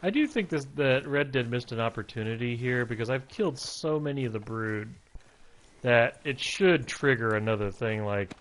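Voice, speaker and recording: A man's voice: medium pitch, expressive, normal speed, a bit bright, a little hiss or hum. A man giving casual, self-deprecating commentary while playing a game at home, chatting to his cats in between. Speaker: game streamer.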